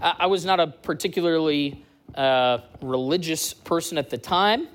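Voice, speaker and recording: A man's voice: on the high side, normal speed. A man in his late thirties, a church community director from the US East Coast, telling stories and bantering with a church crowd. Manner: lively storytelling with crowd banter.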